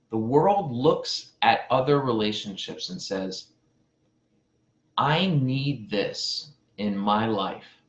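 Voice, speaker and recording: A man who is a relationship coach, telling a parable and giving advice in a deliberate way, with pauses and repeated phrases. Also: medium pitch, fairly bright tone. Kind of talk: storytelling advice talk. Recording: roomy, slightly dull sound.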